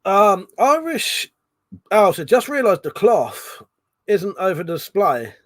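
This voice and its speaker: A man's voice: high voice, very animated, takes it slowly, no room sound, studio quality. A British man hosting a casual late-night livestream. He is tipsy, laughs often, swears freely and reads chat comments aloud. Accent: British English. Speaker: livestream host.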